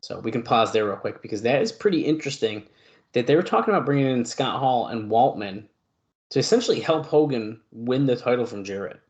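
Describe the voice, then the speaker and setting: This co-host's medium-pitched voice is animated and fairly quick, with a darkish tone and the highs cut off. He reads long stretches of news on the podcast, dropping in fillers and side remarks.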